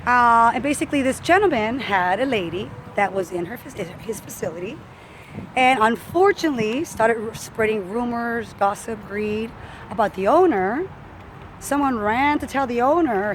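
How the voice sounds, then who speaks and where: A woman's voice: on the high side, a little hiss or hum, low-quality recording. A woman fitness coach telling a personal story in casual talk, acting out what others said. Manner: animated, acts out quoted voices.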